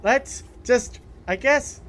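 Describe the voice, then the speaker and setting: A woman's voice: high-pitched, takes it slowly, slight background noise. A woman playing a character in a tabletop game, playful and joking. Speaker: player.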